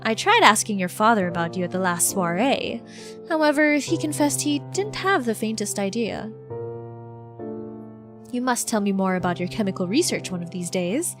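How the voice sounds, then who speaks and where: A woman voicing a courteous older gentleman with a polished, formal, gently flattering manner, reading a visual novel aloud. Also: mid-range voice, normal speed, lightly acted. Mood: courtly. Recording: background music playing.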